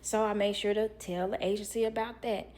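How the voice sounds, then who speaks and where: A young woman who works as a nanny, telling a work story to viewers in a blunt, animated way. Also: medium pitch, fairly quick. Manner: blunt, animated, acts out others' lines.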